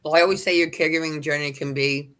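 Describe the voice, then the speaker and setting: A man who leads caregiver support groups, speaking on an online panel and telling lively stories. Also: on the high side, fast talker, clear, resonant tone. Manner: animated anecdotes with acted quotes. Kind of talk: panel discussion storytelling. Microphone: video call.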